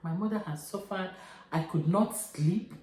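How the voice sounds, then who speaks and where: A Nigerian woman in her thirties vlogging about a painful family ordeal, halting and repeating herself as she fights back tears. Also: on the low side, a little mellow, reverberant, slight background noise, poor audio. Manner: tearful, repetitive, halting. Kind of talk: emotional personal vlog.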